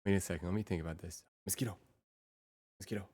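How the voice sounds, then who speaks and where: A young adult woman livestreaming in casual chat, excitable and quick to repeat herself in bursts. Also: rumbling low, husky.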